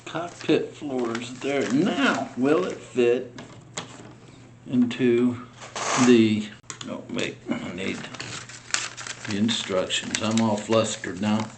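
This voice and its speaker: A man narrates his scale model build in a slow, unhurried way. He mutters and grumbles in frustration at the tiny parts as he works. The sound is roomy, with a faint hum behind him. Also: medium pitch. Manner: muttering to himself, frustrated and exasperated. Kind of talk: casual build vlog narration.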